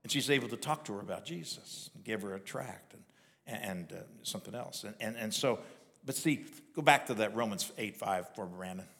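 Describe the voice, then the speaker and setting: A man's voice: on the low side, brisk, a bit bright, big-room sound. A male pastor giving a sermon, talking in a conversational way with frequent restarts and repeated words. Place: church sanctuary.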